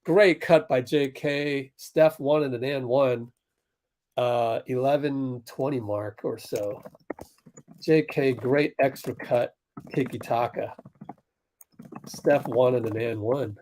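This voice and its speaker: This male livestream host covers the game live for fans, alternating between fired-up rants at chat viewers and low, mumbled play-by-play. He speaks slowly in a darkish tone over slight background noise.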